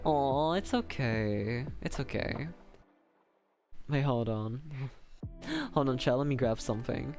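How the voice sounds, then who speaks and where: A man's voice: medium pitch, slow, long pauses. A young man chatting casually on a livestream, rambling and self-deprecating with lots of fillers. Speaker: streamer.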